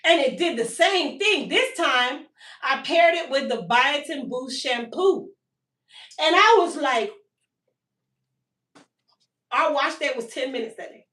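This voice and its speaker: A woman, hosting a live stream for her hair care business and telling a long-winded, animated story about her toddler. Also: sits high, takes it slowly, long pauses, far from the mic. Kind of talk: casual live-stream sales chat. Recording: echoey room, voice a bit off-mic.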